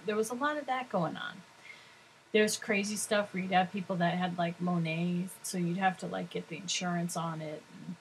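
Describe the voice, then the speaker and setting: A woman's voice: fairly low pitch, a little hiss or hum, low-quality recording. Chatty middle-aged woman rambling. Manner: chatty, rambling, laughs often. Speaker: vlogger. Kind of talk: casual rambling chat.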